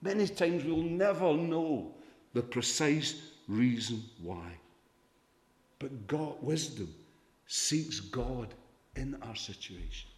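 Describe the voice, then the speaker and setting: A pastor preaching a sermon, earnest, swelling for emphasis and dropping soft. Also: male voice, medium pitch, animated, slow pace. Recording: echoey hall reverb.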